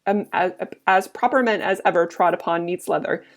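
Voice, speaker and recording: A woman's voice: on the low side, normal speed, lightly acted. Brief: wisecracking male cobbler, Shakespeare reading, voiced by a woman teacher. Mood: teasing. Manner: punning, roundabout answers. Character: joking, evasive male cobbler from old Rome.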